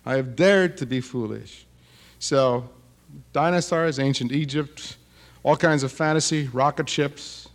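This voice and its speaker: A man in his fifties, a writer giving a lively talk to an audience, animated and feisty and often tagging his remarks with a challenging "huh?". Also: medium pitch, measured pace.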